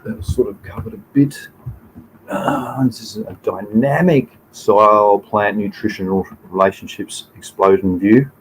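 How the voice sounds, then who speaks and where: A man's voice: on the low side, fairly even intonation, a little slow, a little hiss or hum, low-quality recording. An Australian man in his fifties hosting a casual livestream, talking through slides in a rambling way, chatting to viewers and swearing casually. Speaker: livestream host.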